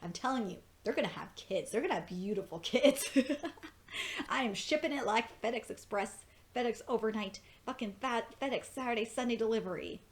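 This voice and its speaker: Excitable, profane young woman reviewing. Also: a little high, moderate pace, slight background noise. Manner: excitable, profane, gushing, squeals and laughs. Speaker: video reviewer. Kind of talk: excited casual episode review.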